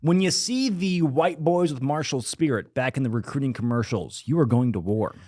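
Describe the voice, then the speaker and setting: A man's voice: mid-range voice, animated, normal speed, dark tone, dry recording, studio quality. A man hosting a podcast in casual chat, with wry, joking banter. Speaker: podcast host.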